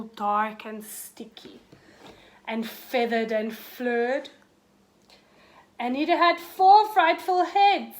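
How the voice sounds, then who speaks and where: Woman, storyteller reading aloud to children, very slow, bright voice, expressive. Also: sits high. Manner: expressive, dramatic rises and hushes.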